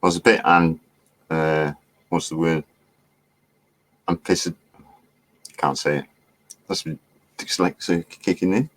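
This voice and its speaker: Middle-aged man, very deep voice, casual rambling live-stream host, laughs and swears. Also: fairly even intonation, measured pace, pauses often, a bit bright, dry recording. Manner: chatty, laughing, swearing, distracted by chat. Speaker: livestream host.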